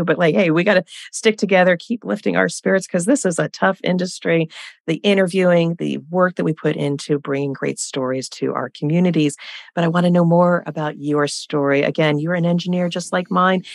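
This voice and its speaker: A woman's voice: fairly low pitch, vocal fry, no echo, studio quality. A woman hosting an interview podcast, welcoming her guest in an upbeat, effusive way. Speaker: podcast host.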